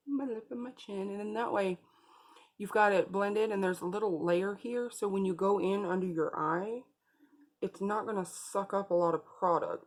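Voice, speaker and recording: A woman's voice: medium pitch, darkish tone. A woman beauty vlogger talking viewers through a makeup tutorial in a casual, chatty way, speaking straight to them.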